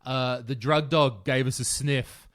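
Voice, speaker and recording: A man co-hosting a podcast, telling lively stories in a casual chat and swearing freely. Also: medium pitch, measured pace. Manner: animated storyteller, swears casually. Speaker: podcast co-host.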